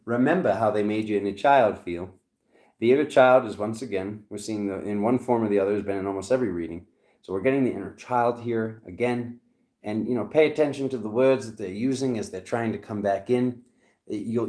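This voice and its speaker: A man's voice: on the low side, a little fast, darkish tone. Joking Rhode Island man in a roomy echo. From Rhode Island, USA. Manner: rambling, joking asides. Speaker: tarot reader. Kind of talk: casual tarot reading vlog.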